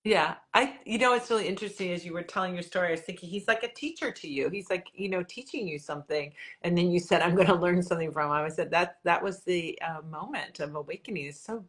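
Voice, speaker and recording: A woman's voice: on the low side, fast, hardly any pauses. A woman hosting a podcast interview, enthusiastic and affirming, who laughs often and asks her guest questions. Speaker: podcast host and author. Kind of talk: casual interview conversation.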